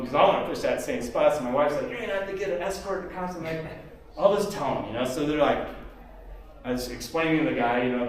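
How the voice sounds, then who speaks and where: A man speaking at a seminar, telling a story casually and rambling, with many "you know"s and acted-out quotes. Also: medium pitch. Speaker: seminar speaker, tournament kayak angler. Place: expo seminar hall. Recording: echoey hall, mic far off.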